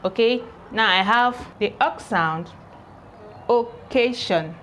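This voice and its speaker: Slow-drilling woman teaching pronunciation. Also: a little high, a bit bright, slight background noise. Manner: repeats each word several times, deliberate drilling. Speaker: English teacher. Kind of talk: pronunciation lesson, repeating words slowly.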